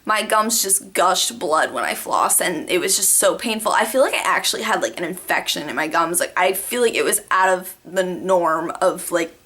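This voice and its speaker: Young woman rambling to her camera, bright tone, animated, lots of likes. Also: lowish voice. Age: young adult. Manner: chatty, animated, many "like" fillers. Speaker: vlogger. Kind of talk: casual storytelling to camera.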